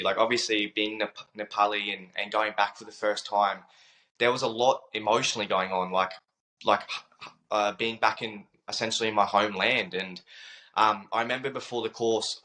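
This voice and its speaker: A man's voice: lowish voice, steady tone, normal speed, sharp tone, rough recording. A young man telling a personal story as an interview guest, earnest and reflective, repeating phrases and using many fillers.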